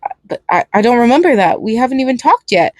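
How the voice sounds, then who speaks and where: A woman's voice: a little high, big pitch swings, fast talker, darkish tone, dry recording, clean studio sound. A woman voicing a manic, clingy male killer clown in a fan fiction reading, stammering between pleading and giggling. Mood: unhinged, clingy.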